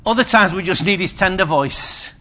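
Bright, high-voiced preacher. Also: male voice, moderate pace. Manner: conversational, humorous, emphatic preaching. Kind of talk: sermon.

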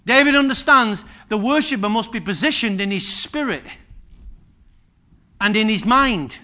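Guy preaching a sermon, jokey and chatty with the crowd, high bright voice. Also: animated, moderate pace. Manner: humorous, conversational preaching with repetition and asides to the congregation. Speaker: pastor. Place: church service.

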